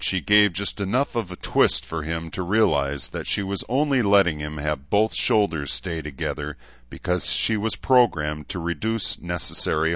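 Deep-voiced male audiobook narrator. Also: a bit bright, no echo. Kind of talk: scripted narration. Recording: slightly dull lo-fi recording.

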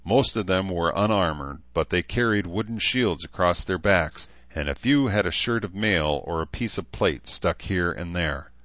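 A man narrating a story in a steady, even reading voice. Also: low-pitched, normal speed, few pauses, no room sound, lo-fi sound. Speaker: audiobook narrator. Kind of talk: scripted narration.

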